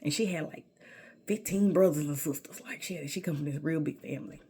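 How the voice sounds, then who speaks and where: A woman's voice: low-pitched, fairly quick, warm tone, husky. Sassy woman telling her life story. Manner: sassy, emphatic, calls listener baby. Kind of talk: personal storytelling monologue.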